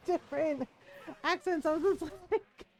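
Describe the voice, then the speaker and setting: A woman's voice: very high-pitched, fairly even intonation, measured pace. A woman streaming a video game, with chatty, rambling commentary and frequent laughter. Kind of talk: casual live-stream commentary.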